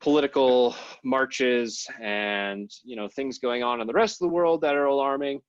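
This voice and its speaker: A man with a medium-pitched voice chats about politics on the podcast he co-hosts, speaking at a normal speed. He rambles and hedges, filling gaps with verbal fillers. There's no room sound, but the audio is dull and lo-fi.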